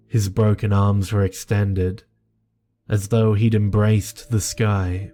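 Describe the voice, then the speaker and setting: Male horror narrator: deep, unhurried, monotone delivery over faint background music. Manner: measured, grave storytelling.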